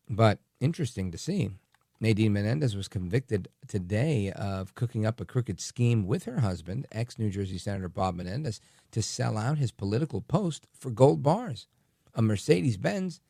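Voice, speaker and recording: A man's voice: fairly low pitch, expressive, moderate pace, creaky, warm tone, no echo, clean studio sound. A man hosting a talk radio show, delivering a rambling, chatty monologue full of asides and fillers.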